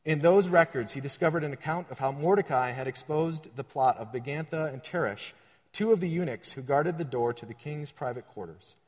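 A man's voice: on the high side, normal speed, darkish tone. A man reading scripture aloud and explaining it casually as a sermon, with restarts and everyday comparisons. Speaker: preacher. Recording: long hall reverb.

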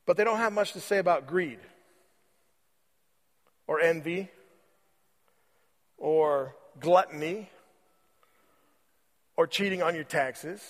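A man preaching a sermon as pastor, conversational and repeating phrases for emphasis, slowing on key words. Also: fairly high pitch, in a large hall. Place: church sanctuary.

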